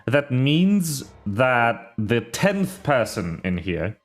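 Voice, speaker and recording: A man's voice: medium pitch, sing-song, very slow, faint music behind. A man streaming himself reading a visual novel aloud, now and then stumbling over words and making asides.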